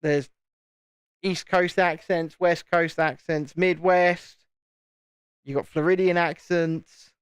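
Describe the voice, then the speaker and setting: Taking it slowly and pausing often, a home counties livestream host from England talks casually while building, frequently repeating words. The Southern English-accented voice is medium-pitched, steady, clear and resonant, with no echo.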